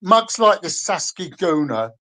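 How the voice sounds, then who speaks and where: A man's voice: high-pitched, very animated, measured pace, a bit bright, rough recording. A man calling in to a fan stream, ranting angrily and swearing at another fan. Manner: angry, swearing, combative. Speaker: guest caller. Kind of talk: heated fan rant.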